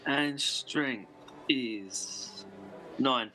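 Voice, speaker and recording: A man's voice: mid-range voice, very slow, pushed and bright, slight background noise, low-quality recording. A man playing a tabletop game, tentatively asking how the rules work. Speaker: player. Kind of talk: casual tabletop play.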